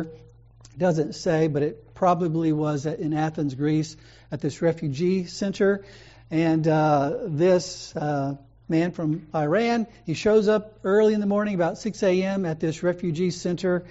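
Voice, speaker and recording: Male pastor with a mellow voice, telling stories from the pulpit, muffled lo-fi capture. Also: fairly high pitch. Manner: conversational storytelling preaching. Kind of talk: sermon.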